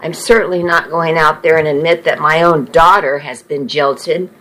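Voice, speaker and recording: A woman reading a story aloud, voicing a shrill, vain, self-pitying middle-aged mother with dramatic indignation. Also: steady tone, normal speed, fairly bright tone, rough recording.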